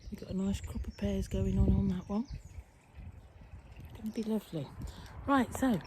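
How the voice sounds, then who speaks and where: Early in the morning, a quilting vlogger gives a half-whispered walk-around tour of her garden and then an indoor cupboard, chatting fondly and sometimes talking to her cat. She speaks at a moderate pace in a mid-range voice, filming on a handheld phone camera with birdsong and distant traffic in the background.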